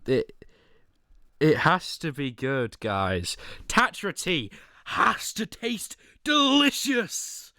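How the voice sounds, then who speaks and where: A man's voice: on the high side, huge pitch swings, drawn-out words, bright, forceful tone, no room sound, studio quality. A young man streaming casual chat, ranking teas with whiny pleading and sudden dramatic outbursts.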